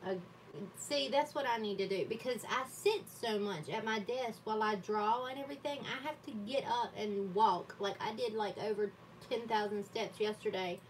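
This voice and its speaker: A woman's voice: medium pitch, moderate pace. Woman host, chatty and self-mocking, mid-range voice, a bit far from the mic, faint background hiss, home livestream. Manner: chatty, self-deprecating, laughs often. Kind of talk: casual chat while journaling. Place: home art desk.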